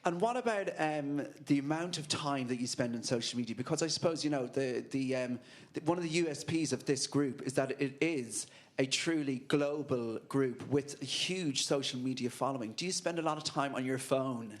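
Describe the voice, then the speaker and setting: A man's voice: mid-range voice, normal speed, hardly any pauses. A man with a British accent interviewing, asking chatty questions full of fillers. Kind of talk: casual interview.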